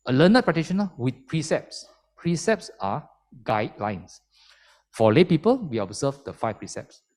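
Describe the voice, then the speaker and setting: A man preaching a Buddhist sermon, his pitch leaping up and down as he drives home each point. He speaks in a mid-range voice, emphatic and methodical, walking listeners through the teaching step by step. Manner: animated and emphatic, explaining step by step. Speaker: lay Dhamma speaker.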